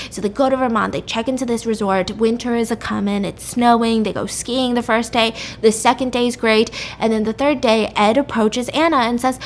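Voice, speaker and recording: Chatty higher-voiced woman retelling a story. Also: a little fast, few pauses, a little hiss or hum. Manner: animated, acts out quotes, swears playfully. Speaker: podcast host. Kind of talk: casual story recap.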